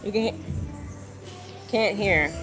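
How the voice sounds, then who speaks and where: A young woman from Virginia, a livestreaming fitness creator, takes it slow in a mid-range voice as she guides viewers through her indoor gym workout. Chatty and casual, she calls them y'all, speaking over music.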